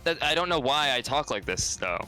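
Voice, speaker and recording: Rambling young man with a bright voice. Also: medium pitch, a little fast, soft background music. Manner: rambling, deadpan, self-mocking. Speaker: co-op gaming guest. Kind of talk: casual rambling game-stream chat.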